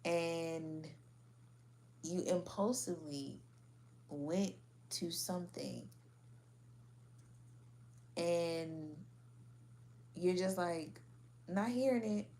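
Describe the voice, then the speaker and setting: A woman's voice: lowish voice, extremely slow, pauses often, dark tone, a little hiss or hum. A woman giving a casual spoken reading in a blunt, slangy, frank manner. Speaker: tarot reader.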